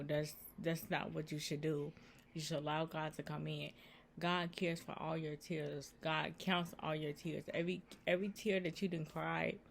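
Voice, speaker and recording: A woman giving earnest, repetitive faith advice in a casual vlog, talking straight to her viewers. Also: deep voice. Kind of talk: casual Christian encouragement vlog.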